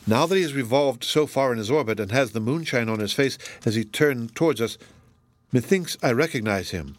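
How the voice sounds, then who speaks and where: A man reading a storybook who voices a gentle young woman in a soft, measured way. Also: medium pitch, lively intonation, close to an everyday voice. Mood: uneasy.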